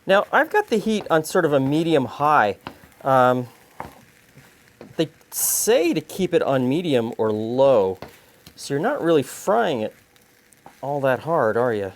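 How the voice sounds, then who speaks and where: A man's voice: mid-range voice, measured pace, long pauses, slight background noise. Chatty male cooking show host. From Canada. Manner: relaxed, chatty, frequent "um"s. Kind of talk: casual cooking chat.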